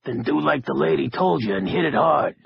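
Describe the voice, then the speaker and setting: A man's voice: mid-range voice, moderate pace, vocal fry, breathy edge, no room sound, full character voice. A man playing a blunt, menacing casino boss. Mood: impatient. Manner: blunt, impatient, ominous. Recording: muffled lo-fi recording.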